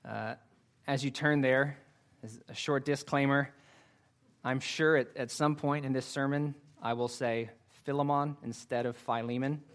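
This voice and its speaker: A man's voice: mid-range voice, fairly even intonation, unhurried, fairly bright tone. A man preaching a sermon to his congregation, earnest and careful, with frequent fillers. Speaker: pastor.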